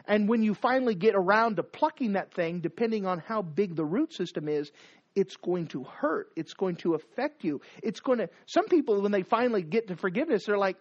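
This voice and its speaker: A preacher in full sermon mode, voice swinging widely up and down in pitch. The delivery keeps pressing the listeners with rhetorical questions and repeated commands. The recording is dull and lo-fi. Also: animated, brisk, a little mellow.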